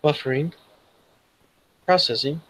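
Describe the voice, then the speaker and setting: Guy putting on a chirpy little earpiece computer voice, high and announcy, beeping out prompts. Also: slow pace, fairly bright tone, low-quality recording. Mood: announcing.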